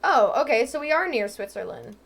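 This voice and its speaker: A woman's voice: a little high, very animated, fairly quick. A young woman from Ohio, chatting casually and rambling while she plays a game. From Ohio, USA. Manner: chatty, rambling, lots of "um" and "like", laughs easily. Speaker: let's-play host. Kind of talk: casual chat over gameplay.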